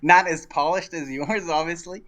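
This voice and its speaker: A man playing a tabletop game, speaking in a polite, measured way. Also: fairly high pitch, fairly even intonation, a bit bright. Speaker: player.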